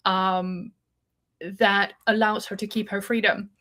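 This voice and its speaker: A woman's voice: medium pitch, flat delivery, slow pace, bright, forceful tone. A woman co-hosting a book podcast, casually retelling a story's plot and acting out the characters' lines. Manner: retells the plot with acted-out quotes. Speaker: podcast co-host.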